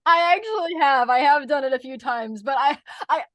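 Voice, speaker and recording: Animated young American woman, lots of giggles. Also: high-pitched, moderate pace, no echo. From United States. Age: young adult. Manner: animated and giggly, with many fillers and restarts. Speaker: guest, voice actor and speaker. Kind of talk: casual interview chat.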